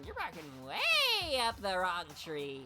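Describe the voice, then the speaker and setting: A woman's voice: mid-range voice, huge pitch swings, slow, loud music behind the voice. A woman voicing a sly, mocking male bear mastermind in a fan reading of a game, with a singsong, teasing manner.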